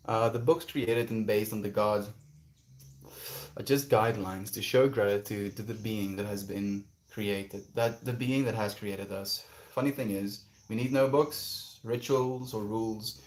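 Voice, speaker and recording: A man's voice: on the low side, steady tone, unhurried, slight background noise. Reflective man chatting on a livestream. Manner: reflective, reads viewer messages aloud and muses on them. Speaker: livestreamer reading chat. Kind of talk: casual livestream chat. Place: outdoors, quiet spot.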